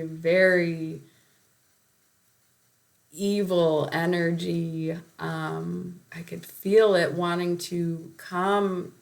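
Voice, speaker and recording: A woman's voice: fairly low pitch, vocal fry. A woman telling a personal spiritual story in a rambling way, with many fillers and short laughs.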